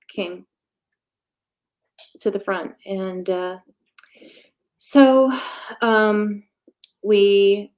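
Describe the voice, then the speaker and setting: Slow, halting woman telling her story. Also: mid-range voice, darkish tone. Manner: halting, with frequent pauses and fillers; candid, matter-of-fact. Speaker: interview guest sharing her story. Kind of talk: casual conversational storytelling.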